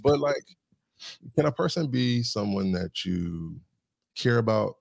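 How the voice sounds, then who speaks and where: A man's voice: fairly low pitch, lively intonation, unhurried, creaky. A man talking as a guest on a podcast, reflective and thoughtful, working through ideas with lists and examples. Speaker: guest, communication specialist.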